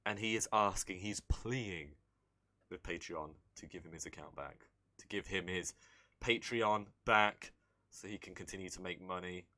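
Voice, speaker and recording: A man's voice: deep voice, normal speed, bright, forceful tone. A man hosting a casual livestream commentary, incredulous and sarcastic, swearing freely.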